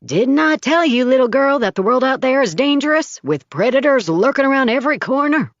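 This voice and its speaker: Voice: high-pitched, lively intonation, a little fast, a bit bright, no room sound, pitched above the performer's own voice. A woman voicing a charismatic preacher father who speaks in a rousing, preacherly way, on a slightly dull recording. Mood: preachy.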